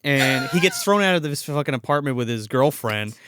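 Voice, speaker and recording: A man's voice: medium pitch, animated, a little fast, a bit bright, smooth, dry recording. A man co-hosting a movie podcast, chatting casually about a film, laughing often and swearing freely. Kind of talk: casual movie review chat.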